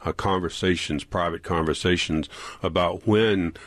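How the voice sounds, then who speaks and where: A man with a Southern accent, a regular political reporter on a radio panel, talking in quick, wry quips. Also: low voice, fairly even intonation, fairly bright tone, no room sound.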